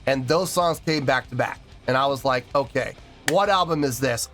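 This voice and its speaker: At a moderate pace and medium pitch, a man with a fairly bright voice hosts a music reaction video. He's choked up and teary, talking casually, earnestly and repetitively as he rambles on.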